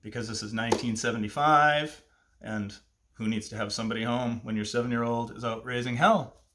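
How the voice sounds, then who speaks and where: A man in his fifties telling a personal childhood story, lively and self-amused, with asides to the listener. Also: medium pitch, brisk, slight background noise. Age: 50s.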